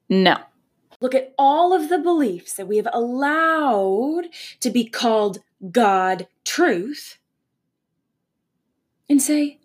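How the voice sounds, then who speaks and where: A young woman from Canada hosting her own spiritual podcast, speaking in an earnest, animated way with casual swearing. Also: on the high side, takes it slowly, slightly rough. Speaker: podcast host. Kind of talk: spiritual motivational podcast monologue.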